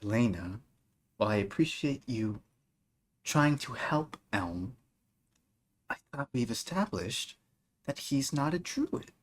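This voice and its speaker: A man voicing a weary, stern elven healer mother who scolds softly and calmly. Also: moderate pace, a little hiss or hum. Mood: reproachful. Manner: soft, low and calmly scolding.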